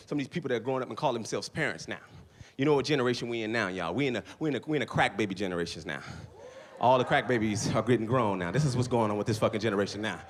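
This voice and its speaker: A middle-aged man doing a stand-up comedy set on a club stage, with loud, animated storytelling and constant swearing. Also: mid-range voice.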